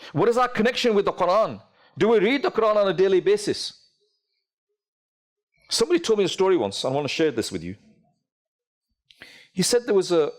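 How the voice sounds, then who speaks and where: Animated male preacher telling a story. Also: fairly high pitch. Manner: storytelling with rhetorical questions, voice rising and dropping. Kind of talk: sermon.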